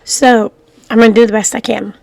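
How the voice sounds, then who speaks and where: A woman's voice: on the high side, level tone, brisk, creaky, darkish tone, no room sound. A middle-aged woman with a groggy voice after coughing, chatting casually to her viewers in a rambling way, full of fillers and restarts. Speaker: vlogger. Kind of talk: casual rambling talk to camera.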